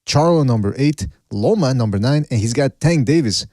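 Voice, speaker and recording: A man hosting a casual panel podcast, reading out chat shout-outs and trying to keep the panel in order. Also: mid-range voice, lively intonation, moderate pace, dry recording, studio quality. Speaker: podcast host.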